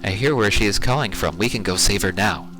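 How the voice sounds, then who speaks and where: A man voicing a cheerful young elf druid woman in his own soft, quiet voice, with music playing behind him. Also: lowish voice, a little fast, natural voice. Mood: gentle. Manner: soft, quiet reading of game dialogue.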